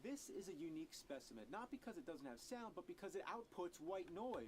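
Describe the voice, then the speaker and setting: A man's voice: sits high, sing-song, moderate pace, few pauses, slight background noise. Sarcastic ranting man, swears a lot. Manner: sarcastic, profane, bursts into angry yelling. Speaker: game reviewer. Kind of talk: comedic rant review.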